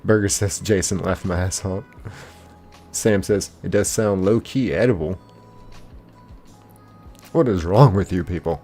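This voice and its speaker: With faint music playing behind him, a young man hosts a live game stream, casually chatting, reading out viewer comments, and warmly greeting people by name. His low voice has a breathy edge, and he talks at a measured pace with frequent pauses, in a laid-back, chatty way.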